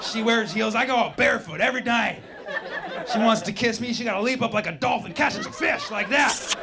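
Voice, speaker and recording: A man's voice: very high voice, brisk, gravelly, noisy background. A man performing a stand-up comedy routine with playful crowd work and exaggerated bits. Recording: live show with loud audience laughter.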